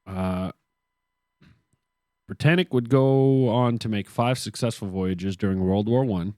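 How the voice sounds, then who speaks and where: Low-voiced man reading history notes. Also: a little slow, mellow, smooth, no echo, studio quality. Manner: reads notes with joking asides and sarcasm. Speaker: podcast co-host. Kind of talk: casual history podcast narration.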